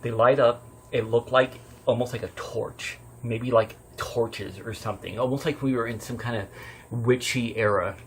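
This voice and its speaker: A man telling a true horror story in a casual, rambling way, swearing often and swinging from hushed to loud. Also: medium pitch, steady tone, normal speed, slight background noise. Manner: rambling, swears often, many fillers and restarts.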